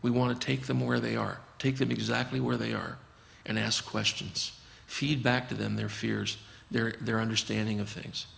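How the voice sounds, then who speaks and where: A man's voice: on the low side, level tone, moderate pace, vocal fry, hardly any pauses, fairly bright tone, long reverb tail. A man, a physician guest, talking earnestly and explaining his approach, often acting out conversations with patients. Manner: earnest, acts out dialogues with patients.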